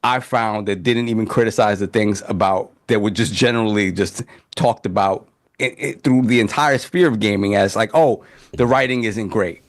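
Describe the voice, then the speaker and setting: A man's voice: fairly low pitch, moderate pace. A man co-hosting a casual gaming podcast, talking in long opinionated runs with many restarts. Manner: rambling, opinionated, repeats himself. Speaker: podcast co-host.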